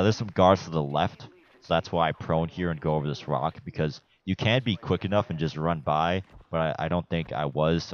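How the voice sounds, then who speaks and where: Young guy, very low bass voice, casual game walkthrough commentary, chatty and profane, muffled lo-fi mic. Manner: laid-back and chatty, swears casually, rambles with fillers. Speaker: gameplay guide narrator.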